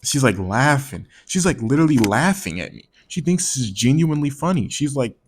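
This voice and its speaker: A man's voice: medium pitch, big pitch swings, fairly quick, a little hiss or hum. A man telling a personal story in a casual storytime monologue, slangy and profane, rambling and repeating words.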